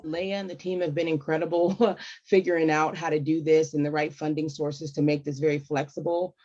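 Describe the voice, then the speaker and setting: A man speaking at a board meeting over a video call, quick and friendly, readily correcting himself. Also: on the high side, level tone, a little mellow. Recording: dull video-call audio.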